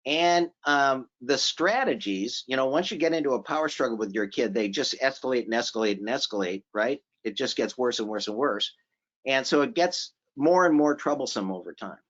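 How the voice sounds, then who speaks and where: A man presenting a seminar in a relaxed, conversational way, repeating phrases for emphasis and asking the audience questions. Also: medium pitch, moderate pace. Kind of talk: conversational lecture. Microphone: remote conference audio. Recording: slightly dull audio from a virtual conference.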